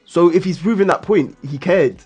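A man's voice: high voice, moderate pace, a little mellow, slightly rough, soft background music. A man co-hosting a casual chat, arguing his point insistently with plenty of slang.

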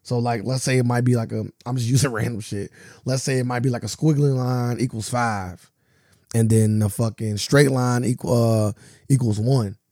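A male podcast co-host who talks in a rambling, slangy way and leans on fillers. His voice sits at a middle pitch, recorded close on a dry mic. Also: steady tone, normal speed, warm tone, no echo. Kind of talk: casual chat.

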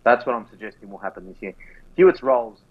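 A man's voice: mid-range voice, lively intonation, quick pace, lo-fi sound. A man, co-hosting a casual fantasy football podcast, talking loosely and swearing now and then. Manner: casual, swears, laughs and yawns. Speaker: podcast co-host.

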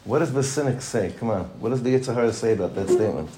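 A man's voice: lowish voice, expressive, rapid-fire, warm tone, slight background noise. A man, a rabbi, teaching a Torah class, probing his students with questions and mixing in Hebrew terms.

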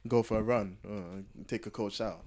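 A man co-hosting a podcast, joking around with quick interjections and easy laughter. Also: fairly low pitch, fairly even intonation, a little mellow, a little hiss or hum. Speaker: podcast co-host. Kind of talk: casual chat.

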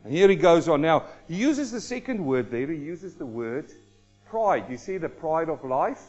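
Male preacher, high and animated, acts things out mid-sermon, church recording a bit muffled. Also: soft background music. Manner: animated, acts out everyday people in quick asides. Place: church congregation hall.

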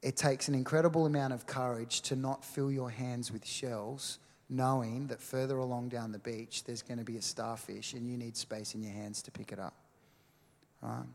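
Chatty preacher in a reverberant hall. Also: male voice, mid-range voice, steady tone, moderate pace, a little mellow. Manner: conversational, filler-heavy, checks in with "right?". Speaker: pastor and worship leader. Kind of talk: sermon.

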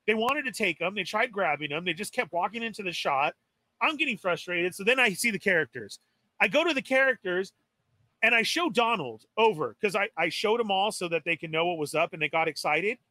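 A man with a high, bright voice tells a story with excitable energy. He is plainly exasperated and acts out the lines he quotes. The sound is dry and close. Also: fairly quick, no echo. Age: adult. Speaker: toy podcast co-host. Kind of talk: animated storytelling on a live stream.

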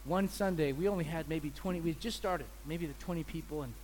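A man preaching a sermon as pastor, telling animated stories and acting out the people in them. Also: a little high, fast, slight background noise. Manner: animated storyteller, acts out people's voices. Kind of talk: sermon with storytelling.

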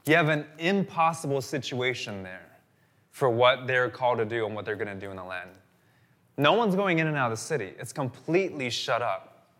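A man's voice: mid-range voice, a little fast. A man preaching a sermon as a pastor, telling stories animatedly and repeating phrases for emphasis. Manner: animated storytelling, repetitive phrasing.

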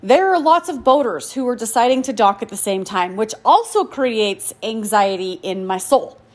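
A woman in her forties telling a personal story in a chatty, self-deprecating way, full of "like" and quick laughs. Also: a little high, expressive. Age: 40s. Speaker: podcast host. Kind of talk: casual storytelling monologue.

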